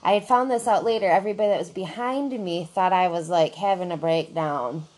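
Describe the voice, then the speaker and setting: This woman talks fast with a fairly low voice, recounting a story about herself during a casual podcast conversation. She's lively, mocks herself, and curses without holding back.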